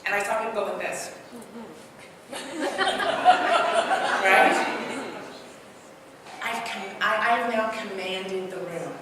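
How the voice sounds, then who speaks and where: A woman from Trinidad giving an interactive workshop talk, animated and quizzing her audience. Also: mid-range voice, takes it slowly, long pauses. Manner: animated, asks the audience many questions. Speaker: speaker and trainer. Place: large hall. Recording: echoey hall from far off, noisy.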